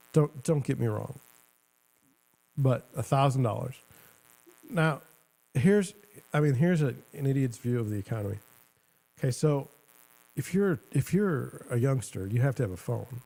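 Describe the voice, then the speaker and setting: A middle-aged man riffs in a casual, sarcastic ramble, stopping and restarting his thoughts. His voice is gravelly with a warm, dark tone at an ordinary male pitch. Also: animated, normal speed, long pauses. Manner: rambling, sarcastic, self-interrupting. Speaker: show host. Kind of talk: casual commentary.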